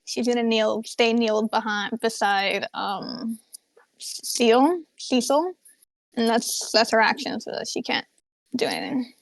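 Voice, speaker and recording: A woman's voice: on the high side, animated, a little slow, creaky, no room sound. A woman player in a tabletop game, describing her character's actions in a rambling, explanatory way. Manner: rambling, explanatory with fillers like 'kinda, like'.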